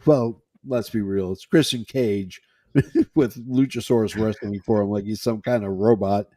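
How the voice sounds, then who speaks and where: A man's voice: fairly low pitch, a little slow, dark tone, no echo. A man co-hosting a casual wrestling chat podcast, laid-back and laughing often. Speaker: podcast co-host.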